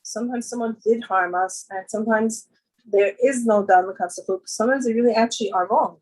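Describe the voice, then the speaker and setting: A woman with a husky, slightly breathy voice, telling anecdotes at a women's gathering. She talks in a loose, chatty way, full of fillers. She often lifts into animated voices for the people she quotes. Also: on the high side, a little fast, rough recording. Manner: conversational, with many fillers and jumps into quoted voices. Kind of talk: storytelling talk.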